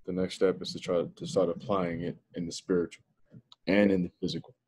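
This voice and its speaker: Low-voiced laid-back man. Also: lively intonation, fairly quick, creaky, a little mellow, slightly rough, no room sound. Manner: jokey, laid-back slang. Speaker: Bible study participant. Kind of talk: casual Bible study chat.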